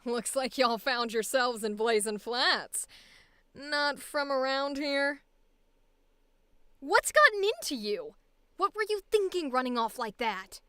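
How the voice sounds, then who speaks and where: A woman voicing a brave, loyal young southern adult for an audition, with a slight roughness in tone. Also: sits high, expressive, slow pace, bright, forceful tone, no room sound, exaggerated voice. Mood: scolding. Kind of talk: voice acting audition take.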